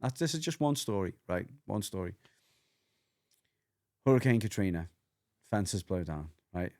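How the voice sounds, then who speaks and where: A man with a fairly low voice chats as a podcast co-host. He tells animated stories, slips into playful voices and curses casually while explaining dog behaviour. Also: measured pace. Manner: animated storyteller who acts out dog voices and swears freely. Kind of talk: casual chat.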